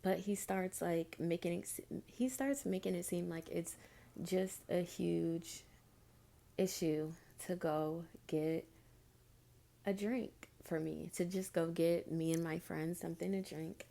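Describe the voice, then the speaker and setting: A young woman tells a storytime tale to her viewers in a chatty, exasperated way. Her voice is low and gravelly with a mellow warmth. She speaks slowly and unhurriedly. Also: fairly even intonation. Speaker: vlogger. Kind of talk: storytime vlog.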